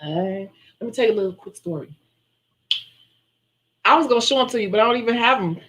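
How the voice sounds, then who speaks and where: A woman who runs a nail-tech channel, chatting casually on a live stream and telling a story in an animated way. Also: a little high, quick pace, noisy background. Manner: chatty, animated storyteller who acts out her own quotes.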